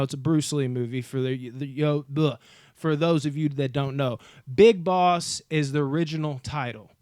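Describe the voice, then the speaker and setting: A man's voice: on the high side, a little mellow, no echo, clean studio sound. A man hosting a casual movie vlog, talking enthusiastically to his viewers in slangy, profane speech. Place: home movie room.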